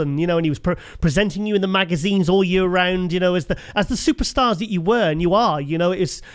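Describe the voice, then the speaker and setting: A man's voice: high voice, smooth. A British man hosting a remote interview, chatty and hesitant, with many restarts. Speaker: host, magazine writer. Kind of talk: casual interview chat.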